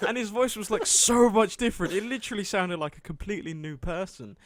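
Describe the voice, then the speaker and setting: A British man co-hosts a casual gaming podcast, rambling through a story with fillers, restarts and lots of laughter. His intonation is lively and his pace a little fast, and his pitch jumps high whenever he quotes someone. The recording is dry and studio quality.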